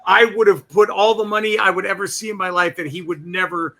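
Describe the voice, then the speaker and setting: A man co-hosting a comedy politics podcast, swearing freely in loose, animated banter. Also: sits high, fairly quick. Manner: animated, swears a lot, mimics quoted people. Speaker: podcast co-host.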